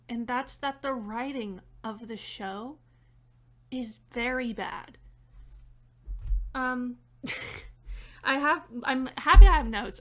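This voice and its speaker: A young woman talking through a theater review in a chatty, animated way, often laughing between points. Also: fairly high pitch. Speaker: theater critic and dramaturg. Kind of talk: casual video review. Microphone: reading notes off-camera.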